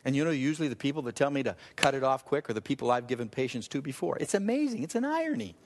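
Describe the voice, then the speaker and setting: A man preaching a sermon as a pastor, voice climbing high for emphasis, laughing at himself now and then. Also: racing. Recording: long reverb of a large hall.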